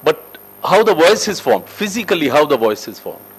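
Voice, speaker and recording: Lively lecturer, higher voice. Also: male voice, moderate pace, husky, low-quality recording. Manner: emphatic, lively teacher with wide shifts in pitch and loudness; asks the class questions and answers them himself. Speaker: corporate soft skills trainer. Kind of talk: classroom lecture. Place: training room with a group.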